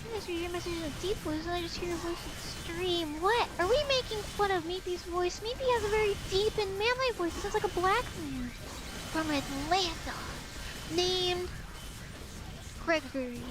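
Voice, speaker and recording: A woman's voice: very high-pitched, normal speed, noisy background. A young woman streaming a video game live, joking and swearing as she banters with her chat.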